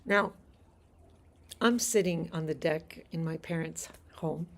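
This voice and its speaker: Female language teacher on a live stream, outdoors on a deck. Unhurried, patient delivery in a lowish voice, quick to laugh. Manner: patient, explanatory, laughs easily.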